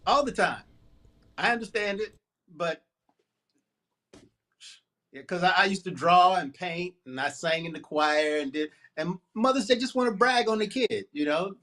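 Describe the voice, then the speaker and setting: Playful high-voiced man guest. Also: normal speed, long pauses, sharp tone. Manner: playful, jokey, laughs often. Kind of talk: casual comedic chat.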